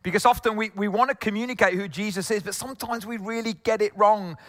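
A man's voice: high voice, fairly even intonation, quick pace, bright, forceful tone, in a large hall. A man from England preaching a conversational sermon with jokes and asides. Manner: conversational, jokey, many asides. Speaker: pastor.

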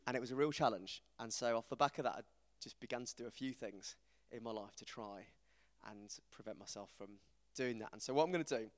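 A man, giving an informal, self-deprecating talk to a church group, animated as he tells stories. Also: mid-range voice, fairly quick, few pauses. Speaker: preacher. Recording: reverberant hall.

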